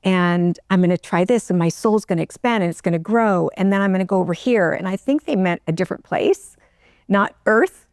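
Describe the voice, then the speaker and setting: A middle-aged woman, an interview guest, telling her own story in a halting, emotional way, close to tears, with many restarts. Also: medium pitch, a little mellow, dry recording. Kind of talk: personal storytelling.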